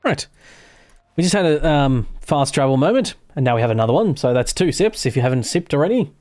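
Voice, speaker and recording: A man's voice: on the high side, animated, brisk, darkish tone, no room sound, clean studio sound. Rambling man streaming a game. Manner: rambling, chatty, self-interrupting. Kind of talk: casual live gameplay chat.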